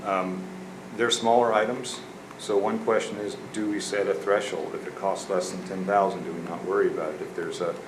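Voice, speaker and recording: A man's voice: deep voice, fairly even intonation, moderate pace. A man, a city council member thinking aloud in discussion, often repeating words as he goes. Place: council chamber. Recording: echoey chamber, background noise.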